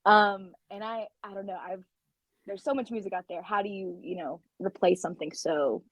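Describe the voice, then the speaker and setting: A woman's voice: medium pitch, fairly even intonation, moderate pace, dry recording. A woman guest on a podcast, a pastry chef, chatting in a bubbly, easygoing way. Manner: bubbly, chatty, laughs easily. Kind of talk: casual interview chat.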